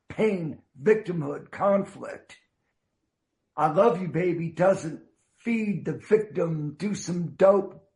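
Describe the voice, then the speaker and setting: An older man with a gravelly, creaky edge in a fairly high voice tells his recovery story. He talks earnestly and haltingly, restarting his sentences and tossing in a casual "man" as he goes. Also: a little mellow. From United States. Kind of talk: heartfelt personal storytelling.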